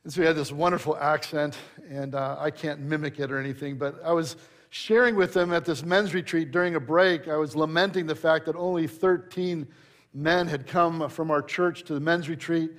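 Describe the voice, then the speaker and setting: A man's voice: fairly high pitch, steady tone, normal speed, a bit bright. A middle-aged male pastor preaching a sermon, telling anecdotes in a conversational way and rising to emphatic preaching.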